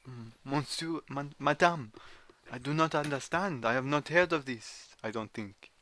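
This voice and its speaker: A Scottish man voicing a player character with a thin, halting put-on French accent, dropping in French words. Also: mid-range voice, sharp tone, slight background noise. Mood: puzzled. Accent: put-on French over Scottish.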